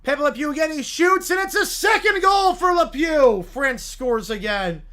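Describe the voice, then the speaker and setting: A woman's voice: high-pitched, expressive, normal speed, hardly any pauses, fairly bright tone. A woman streamer narrating a comedic story game in a playful, chuckling way.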